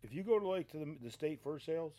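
A man's voice: a little high, lively intonation, fast, warm tone. A middle-aged man hosting a podcast, ranting in a heated, blunt and profane way and often repeating himself. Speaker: podcast host and trapping site owner. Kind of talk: casual podcast rant.

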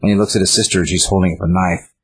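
A man's voice: low-pitched, level tone, very fast, breathy edge. A man casually retelling a comic's story, rambling with lots of fillers and restarts.

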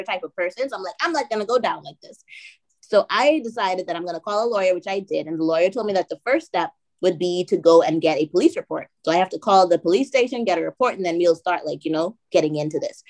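A young woman from the Bahamas telling a story in an animated way and acting out the other people's lines. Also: fairly low pitch, fairly quick. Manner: animated, acts out dialogue with voices. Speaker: guest. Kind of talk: storytelling on a podcast.

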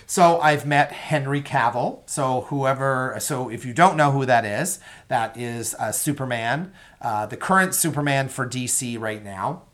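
A man's voice: mid-range voice, fairly bright tone. A young man hosting a solo podcast, chatting casually and enthusiastically with many ums and asides to his listeners. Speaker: podcast host.

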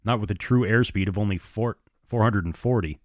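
Guy reading as a gruff captain barking short orders, low voice, dry sound. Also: brisk, no room sound, close to an everyday voice. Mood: terse. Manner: curt, clipped orders. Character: gruff male airline captain, terse and commanding.

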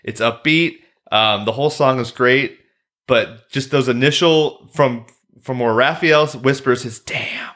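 Bright-voiced man chatting casually. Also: medium pitch, a little slow. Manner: laughs often, fond of the film. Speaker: podcast co-host. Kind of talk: casual movie chat.

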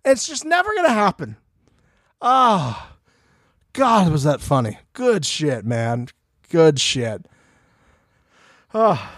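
A man co-hosting a casual recap podcast, animated and swearing often, acting out what people said. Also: on the high side, takes it slowly, pauses often, dry recording, clean studio sound. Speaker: podcast co-host.

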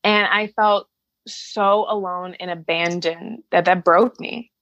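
A woman's voice: on the low side, steady tone, slow pace, fairly bright tone, dry recording, lo-fi sound. A woman from the Chicago suburbs telling a personal story to an interviewer, candid and emotional, swearing freely and acting out the voices of people she quotes. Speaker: interview guest.

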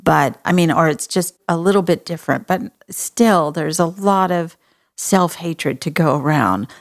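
A woman's voice: fairly low pitch, unhurried. A woman from Texas with a Texan accent, hosting an advice conversation in a frank, folksy, compassionate way. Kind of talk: advice talk show conversation.

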